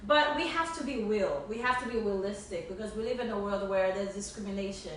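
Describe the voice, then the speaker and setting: A woman's voice: mid-range voice, brisk. A woman co-hosting a casual podcast, speaking earnestly and with emphasis and often restarting her words. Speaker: podcast co-host. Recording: echoey room, distant mic, faint hiss.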